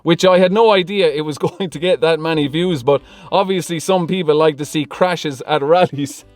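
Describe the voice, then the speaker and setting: A man's voice: a little high, normal speed, a little mellow. A man answering viewer questions in a casual vlog, chatty and laughing often between remarks. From Ireland. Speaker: car vlogger. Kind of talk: casual Q&A vlog, reading comments.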